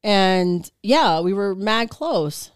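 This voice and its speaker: A woman's voice: medium pitch, expressive, extremely slow, clear, resonant tone, dry recording, clean studio sound. A woman co-hosting a casual podcast, telling a story loosely with profanity, laughter and acted-out quotes. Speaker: podcast co-host.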